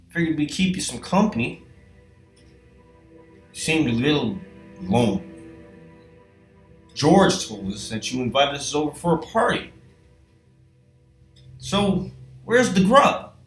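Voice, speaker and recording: A man's voice: a little high, big pitch swings, slow, long pauses, a bit bright, roomy sound, far from the mic, faint music behind, exaggerated voice. A man doing a chill, mooching house cat. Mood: nonchalant. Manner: casual, unbothered.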